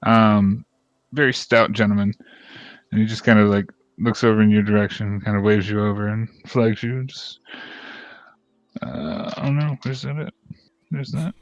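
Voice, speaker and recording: A man's voice: on the low side, normal speed, long pauses, no room sound, muffled recording. Rambling man narrating as game master. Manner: rambling, hesitant, with many fillers.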